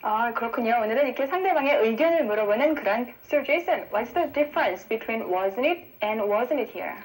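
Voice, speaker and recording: Rapid-fire woman hosting a language lesson. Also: fairly high pitch, expressive, poor audio. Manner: brisk, explanatory, switches between languages. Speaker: English lesson host.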